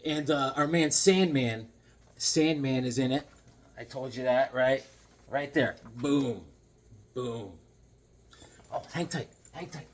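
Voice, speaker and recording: A man's voice: mid-range voice, slow, pauses often. A man hosting a comic book video, chatting casually to camera with lots of fillers, asides and jokes. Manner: rambling, joking, lots of fillers and puns. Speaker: comic book channel host.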